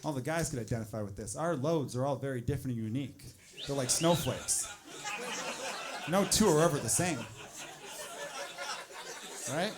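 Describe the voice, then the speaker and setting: A man in his thirties doing a blunt, animated stand-up comedy set on a club stage, acting out his own exasperated inner voice. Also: mid-range voice, moderate pace, long pauses, crowd noise. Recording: noisy live room with audience.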